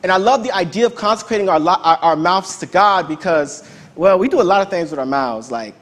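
High-voiced man preaching conversationally. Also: lively intonation, a little fast. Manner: conversational, emphatic preaching with repetition. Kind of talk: sermon.

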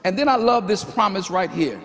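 A male pastor with a high, fairly bright voice preaches fervently at a church service, stacking up repeated phrases. He's animated and fairly quick, and his sermon rings out with a long, hanging reverb.

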